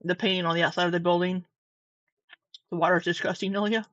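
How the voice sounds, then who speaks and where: A woman's voice: on the low side, fairly even intonation, quick pace, a bit bright, no echo, lo-fi sound. Blunt woman giving sarcastic commentary. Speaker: commentator reacting to a video. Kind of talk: reaction commentary.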